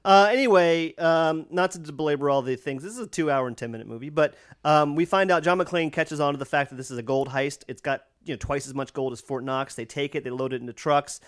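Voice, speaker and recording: A man's voice: a little high, a little fast, hardly any pauses. A man co-hosting a podcast, casually recapping a movie plot with laughs and the odd swear word. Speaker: podcast co-host. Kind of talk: casual chat recapping a film.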